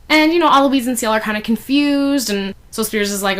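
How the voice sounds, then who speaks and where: A woman's voice: mid-range voice, normal speed, hardly any pauses, fairly bright tone. A woman casually recapping a fan fiction chapter, chatty, with many fillers and giggly asides.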